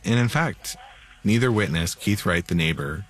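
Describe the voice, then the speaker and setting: A man's voice: low-pitched, animated, moderate pace. A man narrating a true-crime story in a casual scripted style, dropping in filler words. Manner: casual, uses filler 'like'. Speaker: podcast narrator.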